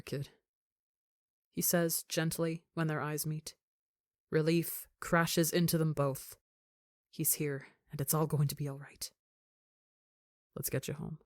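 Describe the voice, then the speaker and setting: A woman with a low voice reads a dramatic story at a measured pace. She drops into a hush in the quiet moments. The sound is dry and close. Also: no echo. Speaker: story reader.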